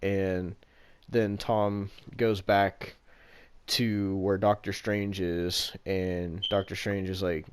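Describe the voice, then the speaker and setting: A man with a deep, low voice chats casually as a podcast host. He rambles through a story, stacking "like" fillers and dropping the odd swear word. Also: level tone, slow pace, clear, resonant tone, no echo. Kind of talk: casual chat retelling a movie plot.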